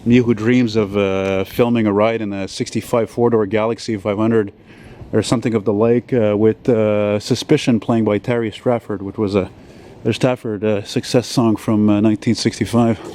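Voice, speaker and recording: A man's voice: on the low side, steady tone, normal speed, mellow. Rambling, sweary man in his forties. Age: 40s. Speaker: vlogger. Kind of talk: rambling walk-and-talk vlog. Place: outdoors on a city street. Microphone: handheld camera while walking.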